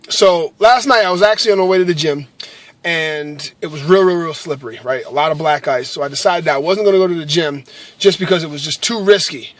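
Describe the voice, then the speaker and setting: Earnest high-voiced man. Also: no room sound. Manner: earnest, with many fillers and repeated "right?". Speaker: vlogger sharing a faith story. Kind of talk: casual chat to camera.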